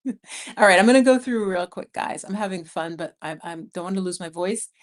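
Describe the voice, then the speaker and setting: A woman's voice: medium pitch, brisk. A woman, hosting a casual livestream, chatting and laughing as she reads viewer comments. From New York City. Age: 50s. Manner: chatty, animated storyteller who laughs often. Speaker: vlogger and livestream host. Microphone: streaming mic.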